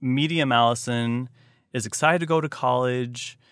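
A man hosting a podcast in casual chat, playful and quick to laugh. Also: medium pitch, a bit bright, clear, resonant tone, dry recording, clean studio sound. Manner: playful, laughs often, acts out quotes. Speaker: podcast host.

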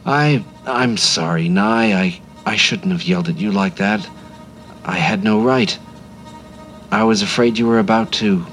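A man's voice: unhurried, soft background music. A man voicing a sad, secretive cloud maker. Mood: apologetic, weary. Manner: gentle and hushed, bursting into booming shouts.

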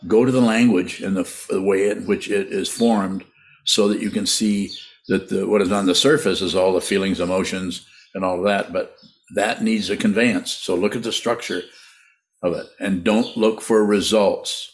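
A man teaching meditation and answering listener questions, halting often and repeating words, with frequent laughs. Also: on the low side, fairly even intonation.

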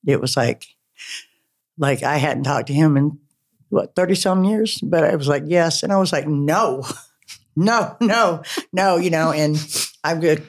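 A middle-aged woman, a podcast guest, telling a personal story in a rambling, animated way and acting out her own quotes. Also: low voice, normal speed, pauses often. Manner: rambling, animated retelling with frequent laughs and acted-out quotes.

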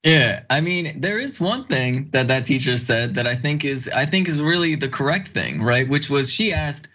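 A man's voice: medium pitch, expressive, moderate pace, sharp tone, lo-fi sound. A man on a news discussion panel who reacts in an incredulous, sarcastic way.

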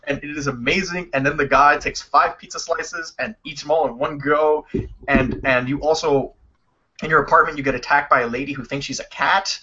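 Male podcast co-host in his own voice, animated and swearing; bright, fairly high voice on muffled audio. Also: husky. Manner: animated, profane, quick storytelling. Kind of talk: casual chat about video games. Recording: dull lo-fi sound.

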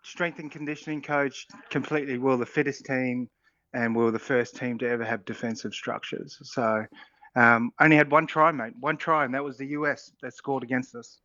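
A middle-aged Australian man, a former rugby player co-hosting a sports radio show, talking in an excited, rambling way and laughing often. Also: mid-range voice, brisk, highs cut off. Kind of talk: casual sports radio chat.

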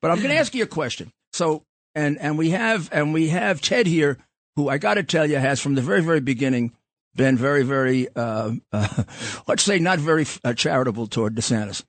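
A man's voice: a little high, expressive, a little fast, no echo. A man hosting a political talk show, talking bluntly and rambling, with frequent restarts. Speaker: podcast host.

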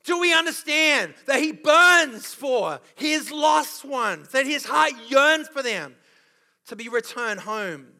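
A man's voice: extremely high pitch, animated, takes it slowly, creaky, sharp tone. A man preaching a sermon as pastor, passionate and full of rhetorical questions, with a touch of sarcasm. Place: church auditorium. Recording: long reverb of a large hall.

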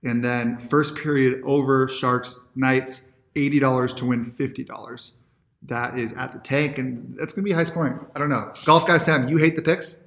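A man's voice: medium pitch, fairly even intonation, moderate pace, a bit bright. A man co-hosting a sports betting podcast, joking around and rattling off his picks, his voice a little strained from doing accents. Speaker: podcast co-host, sports bettor. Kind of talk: casual banter about betting picks.

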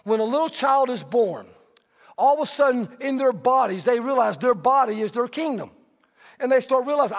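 A man in middle age preaches with a strikingly high-pitched voice, moving between teaching and lively storytelling. His words ring out with a long echo in a large church hall. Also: normal speed. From Texas. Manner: animated storytelling, conversational preaching. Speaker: pastor. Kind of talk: sermon.

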